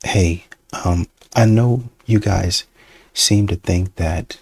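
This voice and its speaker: A man's voice: low-pitched, takes it slowly, darkish tone, slightly rough. A man hosting a reaction video, talking in a casual, conversational way and sometimes putting on voices to quote people. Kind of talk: casual commentary.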